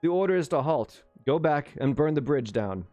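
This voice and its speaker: A man's voice: on the high side, lively intonation, moderate pace, warm tone, no echo, highs cut off, soft background music, pitched above the performer's own voice, lightly acted. Glum young cavalry orderly, grave and a touch raised, read by a man. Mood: morose. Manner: morose, grave.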